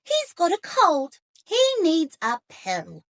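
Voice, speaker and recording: A woman voicing a young girl who fusses over her sick cat in a storybook read-aloud, high and caring. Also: wildly swooping pitch, slow, fairly bright tone, no room sound, studio quality, full character voice. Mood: fretful, caring.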